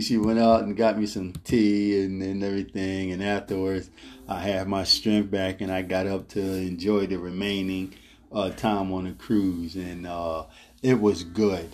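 A man's voice: lowish voice, flat delivery, a little slow. A middle-aged man telling a story in a casual, rambling way. He repeats words, chuckles as he goes, and speaks straight to his viewers. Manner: addresses viewers directly as ladies and gentlemen. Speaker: travel vlogger.

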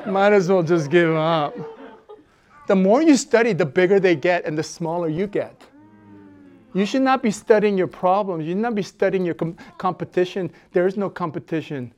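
A middle-aged woman pastor with a fairly low voice preaches a sermon with animation. She shifts between loud exhortation and quiet intensity, laughing often.

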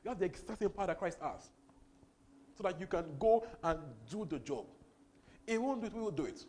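A man preaching a sermon, emphatic, repeating words and swinging between loud and soft. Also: high voice, expressive, brisk, pauses often. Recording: faint background noise.

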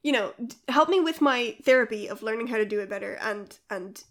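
A woman's voice: fairly high pitch, lively intonation, a little fast. A woman who creates and writes a podcast, chatting casually and rambling with many fillers as she answers listener questions.

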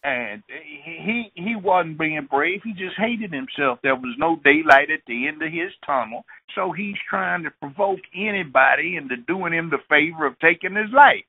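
An older man, a guest on a talk show, telling stories in an animated way and acting out the voices of street characters. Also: fairly high pitch, moderate pace, hardly any pauses, breathy edge, no echo. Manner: animated, acts out street dialogue. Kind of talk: storytelling in conversation. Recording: tinny dry phone line.

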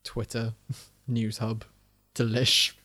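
A man's voice: mid-range voice, completely flat delivery, slow, sharp tone, dry recording. A young man hosting a podcast, chatting casually in a dry, teasing way and laughing easily. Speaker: podcast host. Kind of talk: casual chat.

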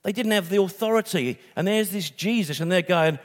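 A man's voice: high voice, a little fast, big-room sound. A man preaching a sermon in a conversational way, with restarts and asides.

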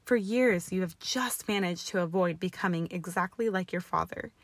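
A woman's voice: on the low side, moderate pace, no echo. A woman voicing a proud young witch who snaps and scorns in anger. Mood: scornful. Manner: snapping, scornful.

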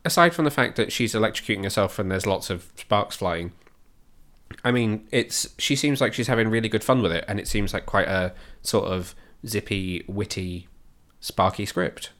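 A man's voice: fairly low pitch, normal speed, fairly bright tone. A man hosting a podcast, chatting casually and jokily about film news and trailers. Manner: chatty, joking, rattles off news. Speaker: podcast host.

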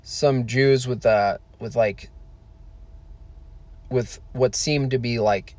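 An American man casually answering viewer questions on a stream, halting with many fillers and restarts. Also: mid-range voice, fairly even intonation, a little mellow, no echo. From United States. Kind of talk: casual livestream chat.

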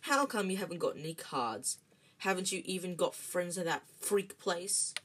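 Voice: mid-range voice, moderate pace, a bit bright, slight background noise, natural voice. A reader voicing a spoiled, bullying boy in a read-aloud storybook, whiny and sneering, stammering when he panics.

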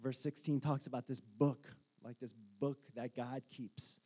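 A man's voice: medium pitch, fairly even intonation, a little slow, warm tone, slightly rough. A man in his forties preaching a sermon as a pastor, casual and conversational with lots of filler words, building to fervent passages.

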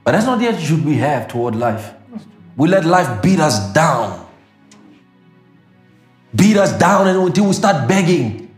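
A man's voice: fairly high pitch, sing-song, measured pace, pauses often, roomy sound, faint music behind. A middle-aged male pastor from South Africa preaching a sermon, emphatic and repetitive, with sudden bursts and laughter.

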